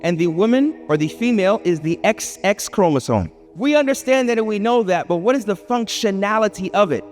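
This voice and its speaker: A man delivers a lively lecture, pitched fairly high and throwing questions to the audience. He acts out small everyday scenes as he goes. His voice rings in a reverberant hall over faint music. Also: a little fast, few pauses. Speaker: Islamic speaker.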